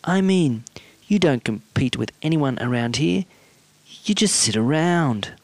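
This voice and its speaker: A woman's voice: low-pitched, lively intonation, measured pace, a little mellow, no room sound, pitched above the performer's own voice, heavily acted. A man voicing a simple, doting middle-aged housewife with a pleading, uncertain manner.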